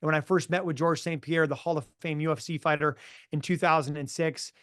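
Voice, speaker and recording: A man's voice: on the high side, fairly even intonation, brisk, fairly bright tone, no room sound, clean studio sound. A middle-aged man who works as a mental performance coach, telling stories in a casual interview with emphatic, motivational energy.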